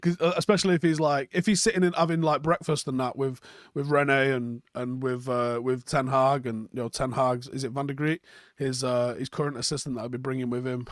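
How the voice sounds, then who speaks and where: A man's voice: mid-range voice, fairly even intonation, a little fast, no echo, clean studio sound. A young man hosting a casual live stream, reading out chat comments and rambling with lots of ums and swearing. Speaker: fan channel host reading live chat.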